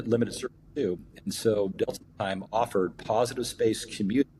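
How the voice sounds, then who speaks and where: A middle-aged man, an airline captain and union rep, telling a long story as a podcast guest and pausing often on fillers and restarts. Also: on the low side, a little mellow, a little hiss or hum. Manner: rambling, many fillers and restarts. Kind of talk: storytelling in an interview.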